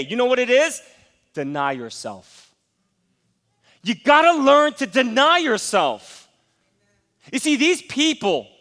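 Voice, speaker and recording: A man's voice: extremely high pitch, a bit bright, long reverb tail. A male pastor preaching a sermon in a church, pressing his point with direct questions to the congregation. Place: church sanctuary.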